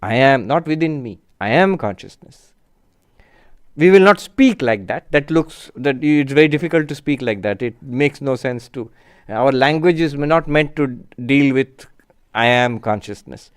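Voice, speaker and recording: A man, a spiritual teacher giving a reflective, unhurried lecture and answering audience questions. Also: mid-range voice, animated, clean tone. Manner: unhurried, reflective, lists terms slowly.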